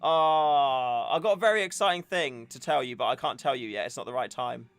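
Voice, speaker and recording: A man's voice: medium pitch, brisk, fairly bright tone, clean tone. A young man hosting a casual livestream, chatting and joking in a rambling way. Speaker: livestream host. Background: faint music.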